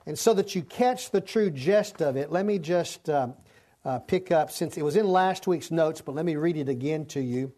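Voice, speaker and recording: A man's voice: on the high side, moderate pace, warm tone. A man teaching a Bible study class in a conversational, informal way, often restarting his sentences and using fillers.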